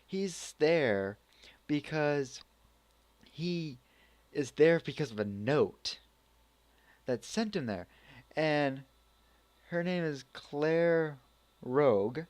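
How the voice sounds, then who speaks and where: Male amateur reviewer, unhurried, loose and rambling delivery. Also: fairly high pitch, expressive, darkish tone, no room sound. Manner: rambling, full of restarts and acted reactions. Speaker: anime reviewer. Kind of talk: casual spoken review.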